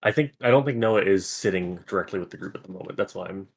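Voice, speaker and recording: A man playing a tabletop game, speaking in a relaxed, matter-of-fact way. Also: sits low, quick pace, husky. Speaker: player. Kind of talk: casual game chat.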